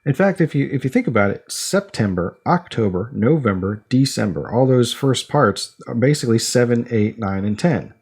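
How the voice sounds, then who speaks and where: A young man on a casual podcast, working through an idea out loud with plenty of restarts and fillers. He fires quick quiz questions at his co-host and keeps a middle-pitched voice. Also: animated, breathy edge. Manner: rambling, full of restarts and fillers.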